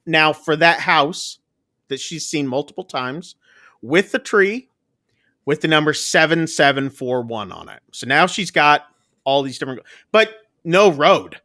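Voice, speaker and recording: A man with a bright, forceful voice, chatting casually as he rambles through a plot recap. He talks loosely with plenty of fillers and throws in quick jokes. His voice sits a little high and sounds dry and close. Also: dry recording. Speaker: podcast co-host reviewing a film.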